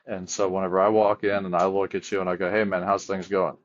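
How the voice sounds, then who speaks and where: A man's voice: low-pitched, level tone, fast. A man, a firefighter and chaplain, talks earnestly in a casual podcast conversation, often restarting his sentences as he tells stories. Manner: earnest storyteller with frequent restarts. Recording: dull lo-fi audio.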